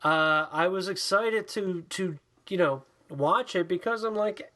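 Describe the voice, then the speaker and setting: A man co-hosting a podcast, chatting casually about movies in an animated, profane way, often acting out the voices he quotes. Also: high voice, unhurried, hardly any pauses. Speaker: podcast co-host. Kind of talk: casual chat, movie review.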